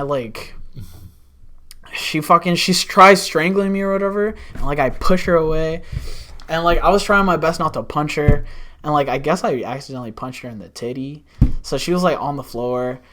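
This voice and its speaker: A young man tells stories on a podcast, his voice sitting a little high. He talks in a loose, animated way, swearing freely and slipping into the voices of the people in his stories. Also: normal speed. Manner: animated, swears a lot, acts out quotes. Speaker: podcast guest. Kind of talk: casual storytelling.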